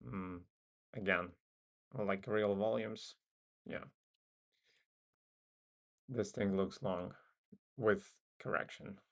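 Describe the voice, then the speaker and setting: Low gravelly guy w/ a foreign accent talking charts, slow and musing. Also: steady tone. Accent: non-native English accent. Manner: musing, thinks aloud with frequent ums. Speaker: trading stream host. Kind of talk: casual live market commentary.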